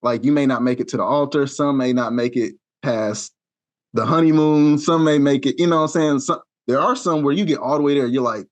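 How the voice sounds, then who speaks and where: A man co-hosting a podcast in casual chat, retelling scenes with lively acted-out quotes and loose, slangy talk. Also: a little high, fast talker. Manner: animated storyteller, acts out quotes in shifting voices; loose, slangy, with frequent fillers. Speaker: podcast co-host.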